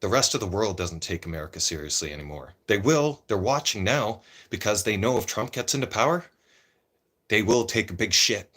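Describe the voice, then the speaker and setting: A man's voice: fairly low pitch, animated, fairly quick, fairly bright tone. A man ranting casually and opinionatedly to camera, rambling and repeating himself and tagging lines with "right?". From Canada. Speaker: vlogger. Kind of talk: casual political rant.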